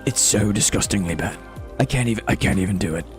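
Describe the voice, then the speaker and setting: A man putting on a deep, scoffing Australian bloke. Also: fast, soft background music, close to an everyday voice. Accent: Australian, attempted.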